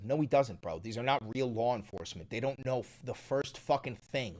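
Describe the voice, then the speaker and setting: A man's voice: mid-range voice, lively intonation, a little fast, darkish tone. A man streaming live reaction commentary, heated and mocking, swearing often.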